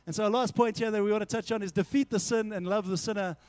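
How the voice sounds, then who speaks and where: A young man preaching a casual, energetic sermon to a youth group, slipping into quick acted-out dialogues as he teaches. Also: high voice, clear, resonant tone, dry recording. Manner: energetic, conversational, acts out little dialogues. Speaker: youth pastor.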